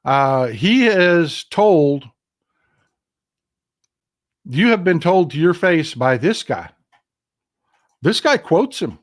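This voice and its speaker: A man's voice: fairly high pitch, very animated, slow pace, pauses often. A middle-aged man from Texas hosting a political livestream, talking straight to his viewers in a casual, impassioned and emphatic way. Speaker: political commentary livestream host.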